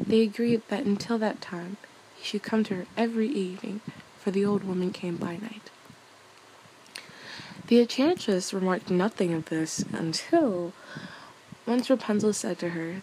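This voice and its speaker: Young woman softly reading a bedtime story. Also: mid-range voice, moderate pace, noisy background. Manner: soft, casual, laughs at her own slips.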